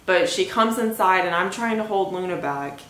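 A woman's voice: lowish voice, animated, normal speed, fairly bright tone. Rambling young woman in an echoey room. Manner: rambling, lots of "like" and "anyway". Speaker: podcast host. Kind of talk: casual storytelling monologue. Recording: echoey room with faint hiss.

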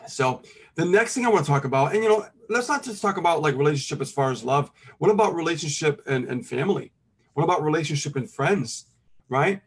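A middle-aged man giving casual life advice, calm and full of "you know" and "okay" check-ins. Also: fairly high pitch, brisk, a little hiss or hum. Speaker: co-host.

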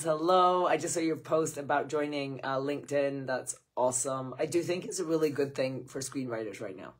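Hoarse woman hosting a livestream. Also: low-pitched. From Scotland. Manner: chatty and effusive, greeting viewers by name. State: hoarse, losing her voice. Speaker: screenwriting coach hosting a livestream Q&A. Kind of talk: casual livestream chat.

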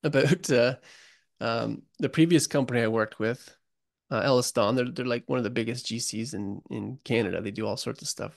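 A man's voice: medium pitch, moderate pace, gravelly, no room sound, clean studio sound. A man guest on a podcast interview, telling stories in an earnest, emotional, casual way and calling the host buddy. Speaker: guest, construction author.

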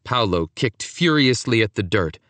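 A man giving an expressive, scripted audiobook narration of a children's story. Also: on the low side, normal speed, no echo.

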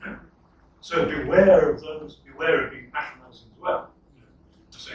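A man's voice: on the high side, normal speed. Older Irish man lecturing in echoey hall. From Ireland. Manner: discursive, self-interrupting with repeated starts. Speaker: lecturer answering audience questions. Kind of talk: unscripted lecture Q&A. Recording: echoey hall from far off, noisy.

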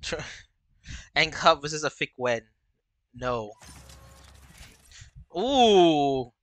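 A man hosting a livestream, commenting on his racing game play and chatting with viewers, with excited yelps and laughs at the action. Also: on the high side, takes it slowly, dry recording. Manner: chatty, answers viewers' chat between races. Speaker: livestream host. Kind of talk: live gameplay commentary.

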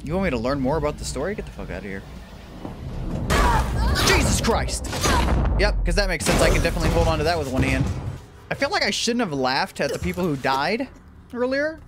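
A man commentating his gameplay, joking, swearing and yelling in bursts, then muttering low. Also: very animated, fairly quick, pauses often, over loud music. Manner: loud, profane, jokey, swings between shouting and mutters. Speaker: gaming streamer. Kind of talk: let's play commentary.

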